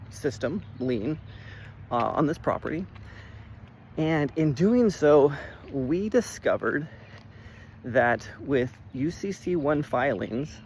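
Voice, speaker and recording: A man talks through a real estate story in a casual vlog. He is animated, says "like" often, and swears freely. His voice sits a little high, with faint background noise. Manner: animated, swears when worked up, lots of "like".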